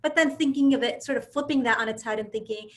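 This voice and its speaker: Woman speaker, slightly high voice, lively storytelling, video-call audio, frequent restarts. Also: quick pace. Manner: animated storytelling, frequent restarts and tag questions. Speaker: speaker giving a religious reminder. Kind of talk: casual religious storytelling talk.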